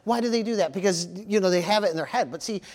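High-pitched male pastor, storytelling sermon delivery with frequent amens. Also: fast. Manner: animated storytelling with amens and praise interjections.

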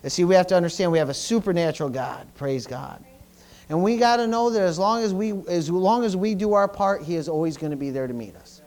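A middle-aged male pastor delivers a sermon in a high, fairly quick voice. He often stumbles and repeats words, swinging between loud bursts and quiet asides.

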